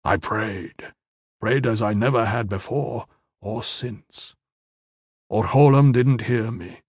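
A man voicing a stern male military commander with a low, gravelly voice, speaking slowly and levelly. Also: no room sound, clean studio sound. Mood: grieving. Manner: level, slow and heavy.

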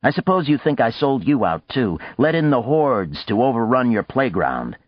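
A man's voice: mid-range voice, big pitch swings, a little slow, dry recording, pitched above the performer's own voice. A man reading a blunt, lecturing male politician in a dry, dull lo-fi audiobook recording. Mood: bitter. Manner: forceful, lecturing.

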